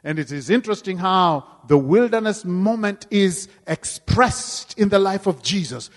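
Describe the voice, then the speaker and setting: A man preaching a sermon with great dynamic swings, dropping to hushed tones and rising to loud cries. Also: sits high. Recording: long hall reverb.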